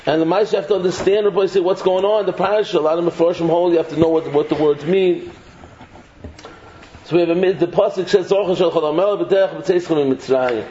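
A man with a high voice and quick pace teaches an animated Torah shiur, repeating words as he builds each point and blending English with Hebrew and Yiddish terms. The recording is echoey and dull, with faint noise.

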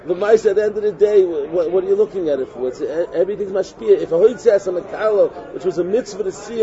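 A man giving an informal Torah talk, animated and repetitive, often acting out what other people say. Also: high-pitched, quick pace, hardly any pauses. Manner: animated, repetitive, acts out quotes. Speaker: religious teacher. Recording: muffled recording with crowd noise.

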